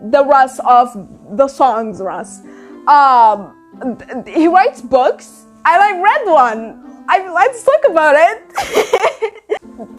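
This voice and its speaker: A woman talking casually to camera as a book vlogger, chatty and candid, swearing and laughing often. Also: sits high.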